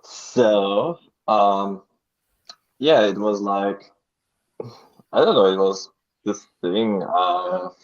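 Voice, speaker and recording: A man talks on a live stream, his voice low and the sound dull and lo-fi. He speaks haltingly, with fillers and easy laughter. It is casual chat, a guest telling his story. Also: lively intonation. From Austria (Vienna).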